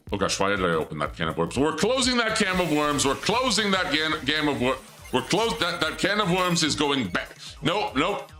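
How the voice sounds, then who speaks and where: A man's voice: medium pitch, sharp tone. A young man streaming a game as a VTuber, rambling in goofy asides, cutting himself off and stammering. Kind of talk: live game stream commentary.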